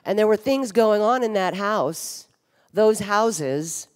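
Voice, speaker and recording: Woman, 50s, mid pitch, candid and wryly funny, blunt swearing, stage mic in a reverberant ballroom. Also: expressive, slow, darkish tone. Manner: frank, wry and humorous, with blunt swearing. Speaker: speaker at a recovery conference. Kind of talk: candid personal talk on stage. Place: large hotel ballroom stage.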